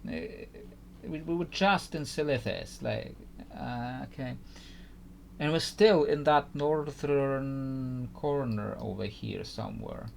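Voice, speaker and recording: A gaming YouTuber offers casual commentary on his gameplay, thinking aloud hesitantly and often restarting his sentences. His medium-pitched voice is slow and creaky with lively intonation, and a slight hiss or hum sits under the recording.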